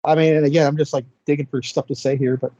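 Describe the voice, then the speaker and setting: Fast-talking husky man, lo-fi. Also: a little high, little pitch movement, dark tone, dry recording. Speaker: podcast co-host. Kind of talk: casual chat.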